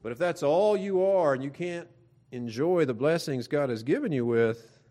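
A man's voice: a little high, expressive, normal speed, dark tone. A man preaching a sermon in a conversational way, with frequent asides and fillers. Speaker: pastor.

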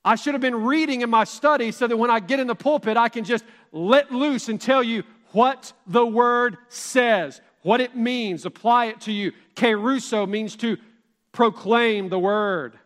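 High-voiced preacher in a reverberant church. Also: male voice, a little slow, fairly bright tone. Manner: emphatic preaching with rhetorical questions. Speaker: pastor. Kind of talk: sermon. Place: church sanctuary.

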